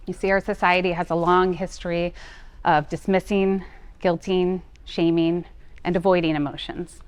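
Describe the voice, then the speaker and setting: A middle-aged woman, a parent coach, telling a personal story in an earnest, gentle way. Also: lowish voice, little pitch movement, normal speed, smooth, dry recording. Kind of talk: personal talk.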